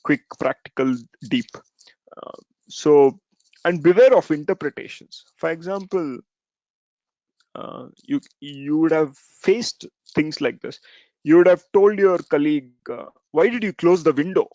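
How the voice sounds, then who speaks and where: Man with gravelly voice, dry lo-fi sound. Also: on the high side, a little slow, warm tone, no room sound. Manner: conversational, frequent "right?" and "uh" fillers. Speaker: software testing speaker. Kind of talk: informal talk. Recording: dull, slightly lo-fi dry recording.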